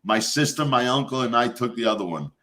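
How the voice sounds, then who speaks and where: A man hosting a casual chat, telling a family story with lively quoted voices. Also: medium pitch, a little fast. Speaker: host.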